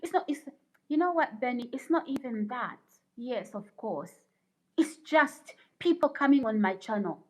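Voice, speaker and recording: A woman's voice: a little high, expressive, moderate pace, poor audio. A woman hosting a casual livestream, reading viewer comments aloud and lecturing in an indignant, preachy way. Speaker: livestream host.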